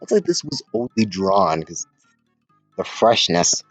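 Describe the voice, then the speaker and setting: Husky, rambling man reading a comic. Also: low voice, very animated, measured pace, no room sound, lo-fi sound, soft background music. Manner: rambling, sarcastic, trailing off mid-thought. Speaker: comic reader and commentator. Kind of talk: casual commentary reading a fan comic aloud.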